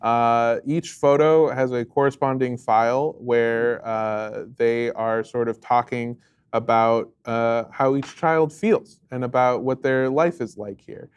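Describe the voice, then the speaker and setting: A man at a middle pitch narrating as game master of a tabletop game. He lays out each scene slowly and in detail, filling the gaps with soft hesitations as he builds the picture. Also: fairly even intonation, smooth. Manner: descriptive, unhurried, many filler pauses.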